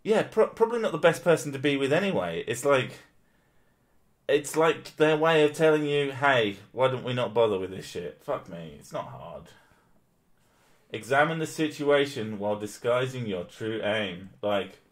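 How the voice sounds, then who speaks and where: A man's voice: medium pitch, animated, normal speed. A man hosting a casual live stream, swearing freely and laughing often at his own sarcastic remarks. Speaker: streamer host. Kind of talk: casual chat.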